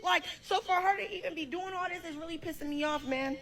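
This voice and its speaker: A woman's voice: extremely high pitch, fast, few pauses. A woman telling a messy relationship story in a casual, profane rant, acting out everyone's lines. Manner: profane, animated, quotes people in her own voice.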